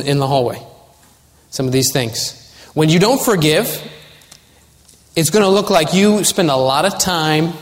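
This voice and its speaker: A fairly high-voiced man preaches a sermon with earnest conviction, building to urgent warnings. His voice carries a long reverb, as if it fills a large hall. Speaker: pastor.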